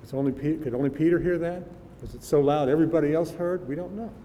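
A man's voice: fast talker, dark tone. An older man preaching a sermon in a conversational, musing way, sometimes laughing. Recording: reverberant hall with faint rumble.

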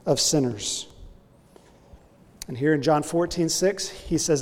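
Male preacher, raised pitch, mellow tone, emphatic teacher who asks rhetorical questions, long hall echo. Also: animated, unhurried. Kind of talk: expository sermon.

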